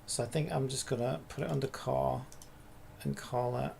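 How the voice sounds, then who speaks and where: A man's voice: mid-range voice, fairly even intonation, moderate pace, creaky, a little mellow, slight background noise. A man streaming live while building a game, thinking aloud in a rambling, casual way and swearing now and then. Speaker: streamer and indie game developer.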